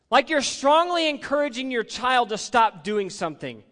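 A man's voice: extremely high pitch, expressive, normal speed, hardly any pauses, pushed and bright. A middle-aged male pastor preaching a conversational sermon in a church, leading his congregation in call-and-response. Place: church sanctuary. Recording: long reverb of a large hall.

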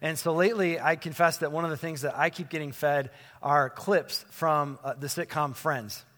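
A man's voice: a little high, steady tone, moderate pace, fairly bright tone, long reverb tail. A man in his forties giving a conversational sermon as pastor, chatty and informal, asking the congregation questions. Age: 40s. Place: church sanctuary with congregation.

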